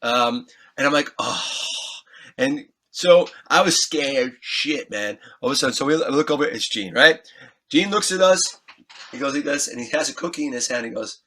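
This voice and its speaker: A man being interviewed as a musician, telling an animated, excitable anecdote, acting out scenes and swearing freely. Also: mid-range voice, normal speed. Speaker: guest musician.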